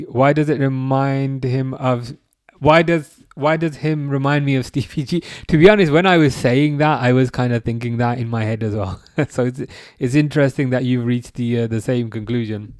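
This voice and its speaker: A young man streaming a live football watchalong, chatting casually, reading chat messages aloud and reacting with sudden bursts of excitement. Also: mid-range voice, moderate pace, clean tone, no echo, clean studio sound.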